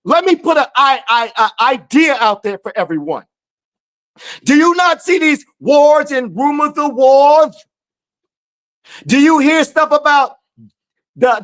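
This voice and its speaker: A woman's voice: sits high, expressive, a little slow. A woman hosting a live podcast, speaking in an impassioned, emphatic way and repeating her phrases for force. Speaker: podcast host. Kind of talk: live-stream commentary.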